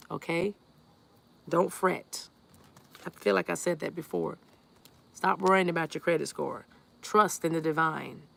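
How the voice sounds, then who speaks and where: This tarot reader has a lowish, creaky voice. She gives a live reading, speaking straight to her viewers, reading the chat aloud and repeating reassuring affirmations.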